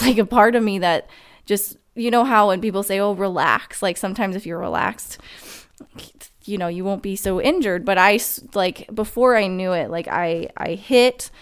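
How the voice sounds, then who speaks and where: A woman's voice: mid-range voice, clean tone. A young woman telling a personal story in a rambling way, full of "like" and restarts. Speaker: car crash survivor telling her story.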